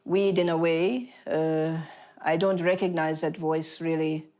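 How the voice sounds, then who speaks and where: A woman from Australia with an Italian-sounding accent, telling her story in a casual interview with animated restarts. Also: sits low, unhurried. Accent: Italian-sounding, from foreign accent syndrome.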